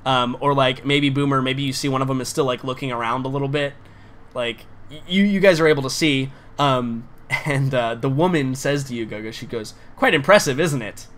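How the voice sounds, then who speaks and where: Bright-voiced male game master. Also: medium pitch, steady tone, brisk. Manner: casual, rambling with many fillers. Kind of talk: narrating a tabletop game.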